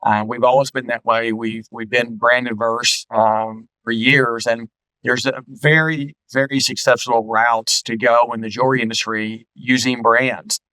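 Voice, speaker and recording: A man who owns a jewelry store, explaining his business in a measured, casual way. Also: medium pitch, flat delivery, pushed and bright, no room sound, rough recording. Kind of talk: casual interview talk.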